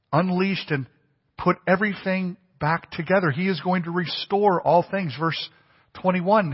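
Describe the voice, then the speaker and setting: A man's voice: high voice, husky. A man preaching a sermon in a conversational way, asking the congregation questions. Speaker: pastor. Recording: dull lo-fi church recording with long reverb.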